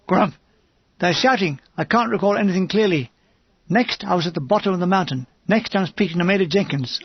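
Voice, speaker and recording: A man reading a war memoir aloud in an understated, measured first-person manner. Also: high-pitched, husky, dry recording, lo-fi sound. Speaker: audiobook reader. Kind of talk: audiobook memoir narration.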